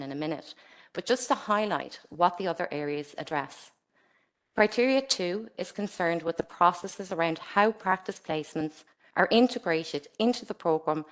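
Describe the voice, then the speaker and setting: Measured woman reading a formal presentation. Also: fairly low pitch. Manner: measured, formal, reads from a script. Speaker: presenter for a regulator. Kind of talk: scripted webinar presentation.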